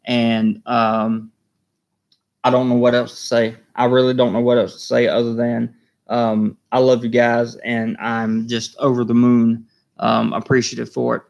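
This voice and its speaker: A man hosting a live stream, reading viewer comments aloud, emotional and halting, repeating himself and choked up. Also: medium pitch, completely flat delivery, vocal fry.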